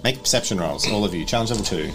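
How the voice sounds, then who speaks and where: A man narrating as game master of a tabletop role-playing game, with steady, descriptive narration. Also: on the low side, racing, loud music behind the voice.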